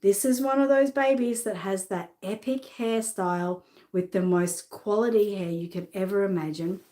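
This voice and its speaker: A woman's voice: medium pitch, moderate pace, dark tone. A middle-aged Australian woman presenting dolls for sale in a bubbly, chatty way, often laughing at herself. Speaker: doll seller and presenter. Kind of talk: chatty live sales showcase. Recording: roomy echo.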